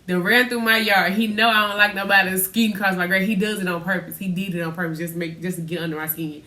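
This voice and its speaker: A woman co-hosting a casual podcast, telling stories and acting out quotes in a lively way. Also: medium pitch, a little fast, few pauses, echoey room, recorded from a distance. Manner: animated storytelling, acts out quotes loudly. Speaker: podcast co-host. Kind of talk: casual faith podcast chat.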